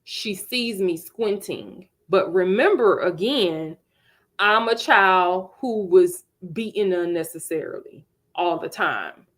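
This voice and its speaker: Slow-talking woman telling her story. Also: lowish voice. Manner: earnest, emphatic, with rueful laughs. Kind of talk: personal storytelling.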